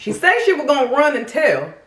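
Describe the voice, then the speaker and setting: A woman hosting a mukbang video, telling a crime story in a sassy, animated way, speaking straight to her viewers. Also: sits high, brisk, echoey room. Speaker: mukbang host. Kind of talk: casual true-crime storytelling while eating.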